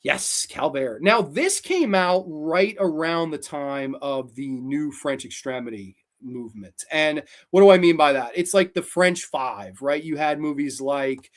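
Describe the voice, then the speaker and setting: Man, horror show host, casual movie review, energetic, slightly high voice. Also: measured pace, few pauses. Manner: energetic, animated retelling with fillers.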